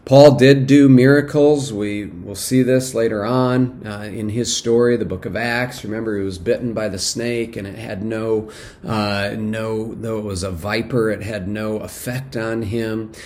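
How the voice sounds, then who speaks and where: A man, a pastor, preaching a sermon in a measured teaching manner, pausing on fillers and restarts and lifting his voice when he urges the listeners. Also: fairly low pitch, fairly even intonation, a little mellow, a little hiss or hum. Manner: measured teaching with frequent fillers and restarts, rising in emphasis for exhortation.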